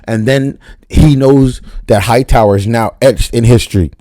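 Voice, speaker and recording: A man giving an unscripted, profane, slang-heavy recap of a TV episode, talking fast and getting worked up. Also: mid-range voice, mellow, no echo. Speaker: TV show reviewer.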